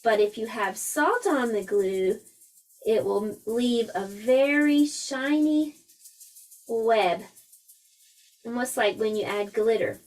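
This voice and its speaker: A woman teaching a preschool class, speaking gently and expressively to young children and reading a picture book aloud. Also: fairly high pitch, slow, long pauses, faint music behind.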